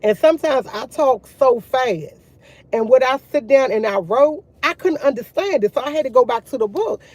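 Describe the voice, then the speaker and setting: A woman's voice: sits high, lively intonation, moderate pace, a little mellow, dry recording. Woman vlogger, casual rambling faith chat, dry close recording. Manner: rambling, restarts often, talks to viewers as y'all.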